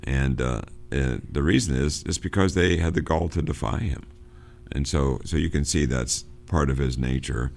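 Middle-aged male teacher with a very low, gravelly voice, halting, filler-heavy classroom talk. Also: darkish tone. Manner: halting, many fillers and restarts. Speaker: literature teacher. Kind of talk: informal lecture on a novel.

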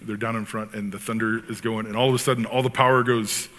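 A man preaching a sermon as pastor, talking in an animated, conversational way with frequent asides. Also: on the low side, quick pace. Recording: long hall reverb.

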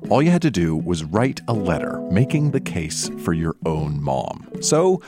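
Very deep-voiced male host in a club. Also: big pitch swings, unhurried. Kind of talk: live show hosting. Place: live music club. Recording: live club with loud guitar and crowd.

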